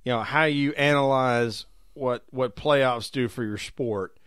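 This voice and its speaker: A man's voice: mid-range voice, measured pace, a bit bright, clear, resonant tone, no room sound, studio quality. A man co-hosting a racing podcast in casual, joking banter with frequent laughs. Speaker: podcast co-host. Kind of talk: casual chat.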